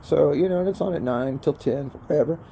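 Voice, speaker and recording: An older man talks in a mellow, warm voice. He rambles along casually and swears a lot, calling the viewer bro and man. He is recording outdoors, sitting by a fire. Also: fairly high pitch, fairly quick, gravelly, a little hiss or hum. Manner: profane, rambling, keeps saying bro and man. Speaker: vlogger.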